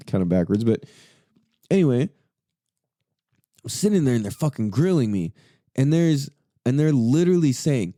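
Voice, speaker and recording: Animated, profane man telling a story. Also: moderate pace, pauses often, no echo, clean studio sound. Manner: animated and profane, pitch jumps when quoting himself. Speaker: podcast host. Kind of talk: casual storytelling.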